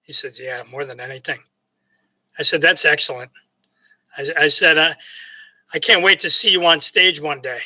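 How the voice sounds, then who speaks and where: A New York motivational speaker with a matching accent tells a rambling, casual story, repeating words, restarting often, and acting out both sides of conversations he remembers. His voice is a little high, pushed and bright, at a moderate pace with frequent pauses, and the recording is rough.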